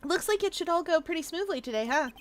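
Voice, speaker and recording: A woman's voice: very high-pitched, animated, quick pace, a little hiss or hum, pitched above the performer's own voice. A woman voicing an earnest young policewoman with a put-on mix of Irish and Scottish accents, eager and polite. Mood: admiring. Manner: eager and deferential, says sir.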